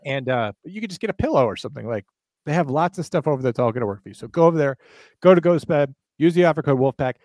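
Racing along with lively intonation, his slightly high, darkish voice has no room sound. He co-hosts a podcast and turns the ad reads into a playful, overdone sales routine.

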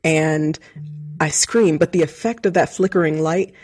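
A middle-aged woman chatting casually as a co-host, telling a story with lively laughter. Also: low-pitched, a little slow, breathy edge. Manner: animated storyteller, laughs often.

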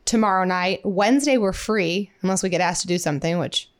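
A woman's voice: lowish voice, fairly quick. A young woman from the Midwest co-hosting a casual podcast, upbeat and chatty, full of "like" and "um". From Midwestern United States. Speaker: podcast co-host. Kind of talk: casual chat.

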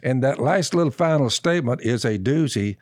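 Man, folksy storyteller, mid pitch, dry close sound. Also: expressive, dry recording. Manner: slow, drawn-out storyteller who keeps repeating "I said". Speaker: podcast co-host. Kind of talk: folksy storytelling and Bible teaching.

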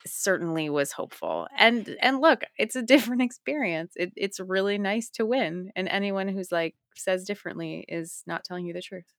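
A middle-aged woman as an interview guest, telling animated stories and acting out what others said. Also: mid-range voice, moderate pace, vocal fry, hardly any pauses, dry recording, clean studio sound. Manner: animated storytelling, acts out quotes. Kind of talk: casual interview chat.

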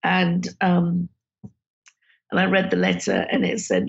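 A woman, a filmmaker guest telling animated stories in an interview and acting out the people she quotes. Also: lowish voice, unhurried, vocal fry, lo-fi sound. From Britain. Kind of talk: conversational interview storytelling.

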